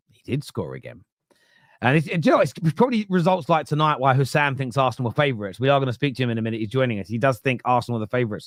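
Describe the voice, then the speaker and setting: A man's voice: medium pitch, no echo, studio quality. A man hosting a football fan podcast, chatting casually and sarcastically while reading out viewer comments. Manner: sarcastic, joking, rambling.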